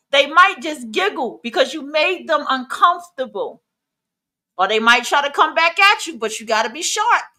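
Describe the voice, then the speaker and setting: High, bright, blunt-talking woman host. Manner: blunt, profane and emphatic, drills lines at listeners. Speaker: podcast host. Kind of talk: casual podcast rant.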